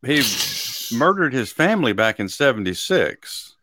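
A man's voice: mid-range voice, very animated, unhurried, bright, forceful tone, no echo, studio quality. A man co-hosting a casual podcast, folksy and chuckling, with plenty of fillers and hesitations. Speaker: podcast co-host. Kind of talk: casual chat.

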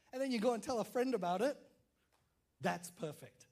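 A man preaching a sermon, telling stories in an animated way, acting out quotes and checking in with listeners. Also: high-pitched, normal speed, husky. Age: adult father. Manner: animated storytelling, acts out quotes, frequent "right?" to listeners.

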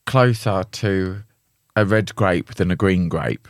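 A young man with a low voice hosts a casual podcast chat, gossiping and swearing with easy laughter. The recording is dry and close, with no room sound. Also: slow, dry recording. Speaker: podcast host.

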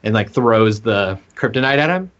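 A man's voice: lowish voice, animated, moderate pace, a bit bright, lo-fi sound. A man chatting casually on a podcast and telling a story in a rambling way, full of "like" and "um". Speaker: podcast co-host. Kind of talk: casual chat.

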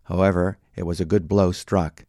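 Very deep-voiced man reading a sermon. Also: little pitch movement, warm tone, no room sound, studio quality. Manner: measured, citing chapter and verse. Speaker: Bible teacher. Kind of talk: read sermon.

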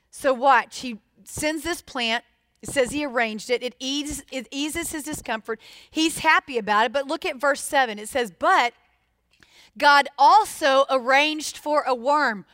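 A woman preaching a sermon, expressive and putting questions straight to her listeners. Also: high voice, no echo, studio quality.

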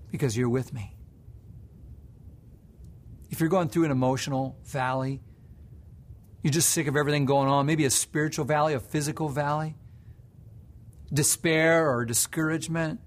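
A male pastor preaching a sermon, moving between soft, hushed prayer and rising, impassioned emphasis. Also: a little high.

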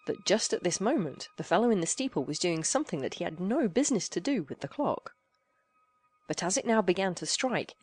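A woman narrating a classic story aloud in an animated, theatrical way. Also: fairly low pitch, slightly rough.

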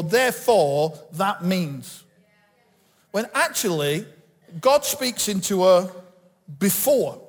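A middle-aged man from England, preaching a lively sermon and acting out the quotes he tells. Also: high-pitched. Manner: animated preaching, acts out quotes. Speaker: guest pastor. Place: church hall. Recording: reverberant church hall.

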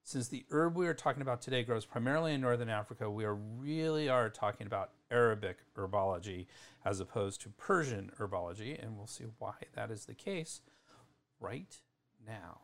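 A man's voice: lowish voice, lively intonation, brisk. Male podcast host, middle-aged, casual chatty delivery with frequent self-corrections. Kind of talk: solo educational podcast.

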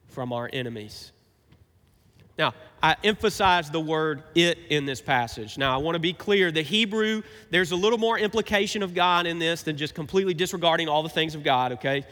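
Bright-voiced preacher in a big echoing hall. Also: male voice, a little high. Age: 30s. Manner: animated preaching, swings from emphatic to quiet. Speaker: pastor. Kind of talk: sermon. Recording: reverberant hall.

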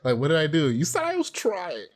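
A man's voice: fairly high pitch, huge pitch swings, brisk. A young man co-hosting a casual chat, telling profane stories with lots of laughter and acted-out quotes. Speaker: podcast co-host.

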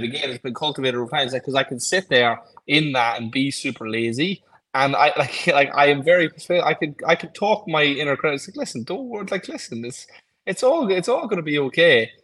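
A man's voice: medium pitch, steady tone, fairly quick, sharp tone, low-quality recording. A man co-hosting a podcast in casual chat, encouraging and thinking aloud as he talks. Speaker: podcast co-host.

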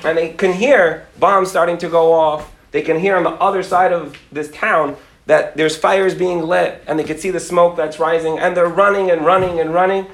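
Rabbi telling a story with voices; high-pitched man, room echo. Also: steady tone, normal speed. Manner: acts out characters' voices, Yiddish and Hebrew words, laughs. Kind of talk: animated storytelling talk.

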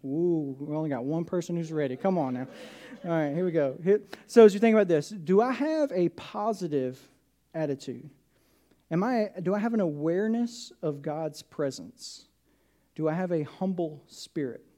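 Animated high-voiced male pastor. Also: normal speed. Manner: animated, conversational, asks the congregation questions. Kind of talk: sermon. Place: church sanctuary.

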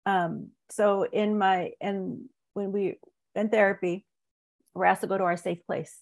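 A woman in her forties, a guest on a wellness talk show, sharing her personal healing story in an earnest, halting way with many restarts. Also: mid-range voice, fairly even intonation, creaky, a little mellow. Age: 40s. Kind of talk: podcast interview, personal story.

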